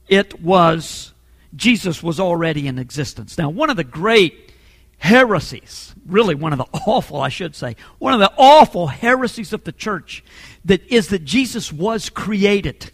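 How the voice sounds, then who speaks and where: A man preaching a sermon as a pastor, emphatic and building to forceful peaks, often repeating words as he presses a point. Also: sits high, very animated, a little slow, long reverb tail. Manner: repeats words when fired up.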